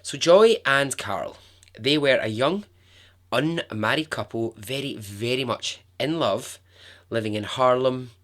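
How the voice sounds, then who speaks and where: On a podcast, a male host recounts a true story in a chatty, expressive style, often turning aside to address the listener. His voice sits in the mid-range and moves at a slightly slow pace.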